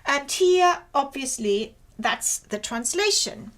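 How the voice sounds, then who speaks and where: A woman giving an academic lecture over slides. She explains each point step by step in a measured way and points to parts of the slide as she goes. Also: high-pitched, animated, fairly bright tone.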